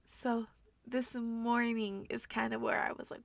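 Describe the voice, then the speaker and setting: A young woman vlogger rambling through an emotional personal monologue, soft and tearful, with many fillers. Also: fairly high pitch, little pitch movement, a little slow, vocal fry, dry recording.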